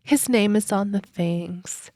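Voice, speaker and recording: A woman podcast host telling a personal story in a rambling, chatty way, full of "like" and "um" and quick laughs. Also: mid-range voice, mellow, no echo, clean studio sound.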